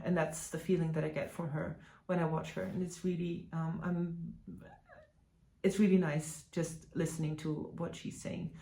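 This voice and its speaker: A woman from Germany, a native German speaker, hosts a casual stitching vlog with a slightly low voice. She talks in a chatty, hesitant way, full of fillers and restarts. The room around her is echoey. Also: a little mellow. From Germany (Hanover). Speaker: flosstube host. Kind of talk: casual chat to camera.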